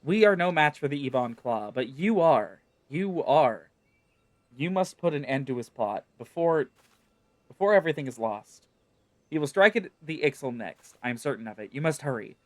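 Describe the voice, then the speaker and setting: A frail, wounded young woman as a man reads her lines pleads faintly and earnestly from hiding. Her voice sits fairly high, with no room sound at all. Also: expressive, normal speed, dry recording, close to an everyday voice. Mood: pleading.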